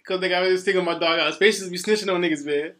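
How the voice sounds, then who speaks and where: A man co-hosting a casual, profane chat, laughing loudly and often. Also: high-pitched, fairly even intonation, fast.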